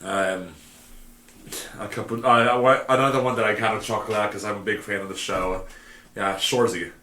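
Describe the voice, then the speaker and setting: A man co-hosting a loose hockey podcast, full of uhs and casual swearing. His voice sits on the low side yet sounds bright and forceful. He is back from the mic in a roomy, echoey space. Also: steady tone, normal speed. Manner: loose, hesitant with many uhs, swears freely. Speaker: podcast co-host.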